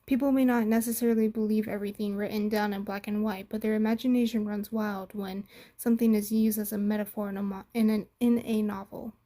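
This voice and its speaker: Guarded woman hospital director, curt and defensive, read by a woman close to her own voice, mellow tone. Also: mid-range voice, little pitch movement, a little fast, natural voice.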